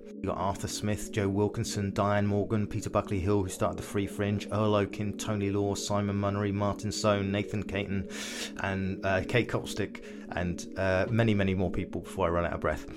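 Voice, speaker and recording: A man hosting a podcast, giving a chatty, rambling introduction that keeps correcting itself. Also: lowish voice. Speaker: podcast host.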